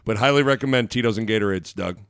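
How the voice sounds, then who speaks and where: A man co-hosting a sports radio show, chatting casually and rambling, sometimes breaking into loud shouted bits. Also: fairly low pitch, fast talker, clean tone, dry recording, clean studio sound.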